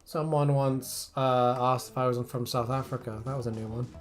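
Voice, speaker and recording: A woman's voice: rumbling low, moderate pace, soft background music. A woman from England with an English accent, chatting casually on a live stream while she draws, laughing and swearing often. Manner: animated, laughing, swearing, reading chat. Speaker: streamer, artist.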